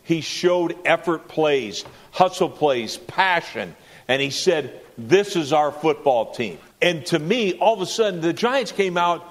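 A man's voice: fairly high pitch, expressive, unhurried. A man giving football commentary on a sports talk show, emphatic with frequent restarts. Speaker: football analyst.

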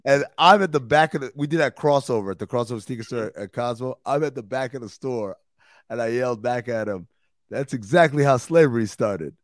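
Animated slangy male podcast host. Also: mid-range voice, a little fast, no room sound, studio quality. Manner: animated storytelling, swearing and slang. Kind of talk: casual chat.

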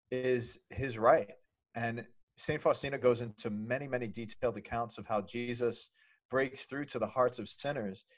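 Man, priest co-host, effusive, emotional, mid-pitched. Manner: effusive and emotional, excited exclamations. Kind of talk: casual podcast chat.

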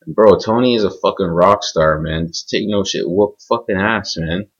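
A man's voice: low-pitched, moderate pace, breathy edge. A young man ranting casually, profane and rambling, full of "man" and "bro", on a dull lo-fi recording. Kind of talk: casual rant.

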